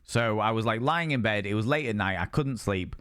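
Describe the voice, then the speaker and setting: A man's voice: lowish voice, expressive, fairly quick, a bit bright, clear, resonant tone, dry recording, clean studio sound. A man chatting casually with viewers on a game stream, rambling and repeating himself.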